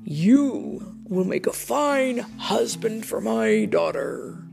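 A woman voicing a jolly, warm-hearted old king who exclaims and booms his lines. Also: big pitch swings, takes it slowly, gravelly, music in the background, full character voice. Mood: warm, grand.

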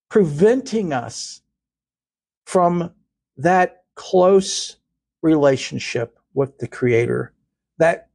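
An earnest man hosts a spiritual talk show, preaching in repeated phrases. His voice sits fairly high and swings widely in pitch. The tone is husky and dry. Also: a little mellow, no echo. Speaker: podcast host.

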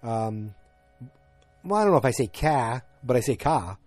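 A man's voice: medium pitch, big pitch swings, a little fast, no room sound, soft background music. A man from north of Boston with a light Boston accent, casually recapping a TV episode and rambling with lots of fillers and asides. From north of Boston, USA.

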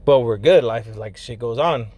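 A man's voice: mid-range voice, moderate pace, darkish tone, no echo. Slangy young man telling a story. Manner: profane, slangy, heavy on fillers like "like" and "you know"; drops Spanish phrases into English. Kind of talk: casual personal storytelling.

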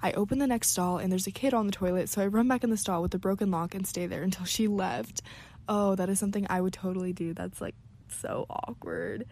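A young woman talks casually to her viewers in a mid-pitched voice. She leans on "like" and breaks into small giggles while reading out and reacting to viewers' stories. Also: fairly even intonation, fast talker, a little mellow. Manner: chatty, filler-heavy with frequent "like", giggly. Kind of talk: casual chat.

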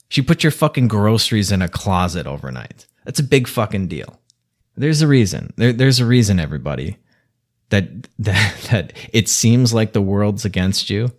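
A man with a somewhat low voice is ranting, exasperated and scolding. He swears constantly as he lectures about other people's bad attitudes. It is a one-man monologue vlog. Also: sing-song, moderate pace. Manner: heavily profane, exasperated, scolding. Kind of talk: angry rant monologue.

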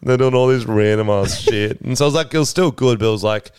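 A man co-hosting a podcast, chatting casually in an animated, joking, slangy way. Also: medium pitch, quick pace, clean tone, no room sound, clean studio sound. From Australia. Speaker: podcast co-host. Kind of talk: casual chat.

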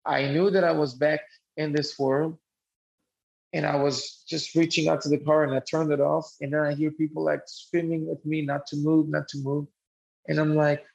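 A man's voice: fairly high pitch, flat delivery, normal speed, vocal fry, husky. A man telling a personal story in an earnest, reflective way, often restarting his sentences. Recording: muffled lo-fi recording.

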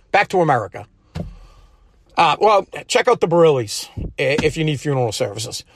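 A man's voice: a little high, no echo, studio quality. A man from Massachusetts, hosting a podcast in a rambling, profane, combative rant. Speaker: podcast host. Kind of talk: casual political rant.

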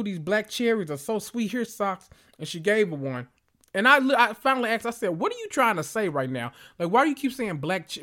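A man with a slightly higher voice hosts a casual reality TV recap podcast. He talks in an animated, slangy way and piles on exasperated asides as he tells his stories. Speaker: podcast host.

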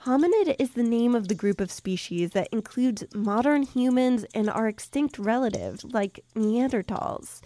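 A woman hosting a science podcast, explaining things clearly and cheerfully, recorded at her desk. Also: a little high, expressive, moderate pace, hardly any pauses, mellow, dry recording. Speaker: podcast host. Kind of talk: scripted science narration.

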